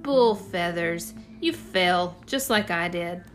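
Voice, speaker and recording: A woman's voice: on the low side, animated, slow, a bit bright, soft background music. A woman voicing a sneering boy bully. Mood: sarcastic. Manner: sarcastic, scornful.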